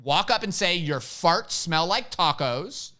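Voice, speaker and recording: A middle-aged man, a podcast host and firearms instructor, hosts a casual live-stream chat as a brash joker who tells stories and acts out the quotes. His voice is a little high, pushed and bright, with lively intonation at a slow pace.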